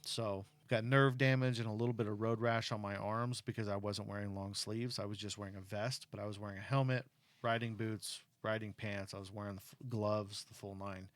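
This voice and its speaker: A middle-aged man chatting casually with his kid, telling stories in an animated way and turning earnest and cautionary on safety. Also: lowish voice, a little fast, no echo. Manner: animated storyteller who acts out quotes; earnest and cautionary when talking about safety. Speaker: parent talking with his kid. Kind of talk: casual chat.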